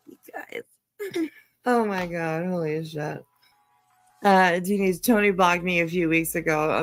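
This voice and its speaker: A woman giving casual live commentary, swearing freely, mocking, and often laughing. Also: deep voice. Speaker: commentary streamer.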